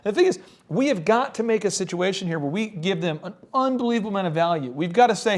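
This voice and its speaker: A man in a casual business podcast chat with a fairly high voice that climbs and falls as he tells jokey stories. He is animated and self-deprecating, often dropping into quick impressions of the people he describes. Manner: animated storyteller, acts out other people's voices.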